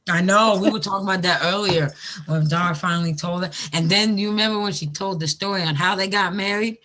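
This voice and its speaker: A woman's voice: fairly low pitch, fairly quick, fairly bright tone. A woman in casual group chat, talking freely, swearing and laughing often.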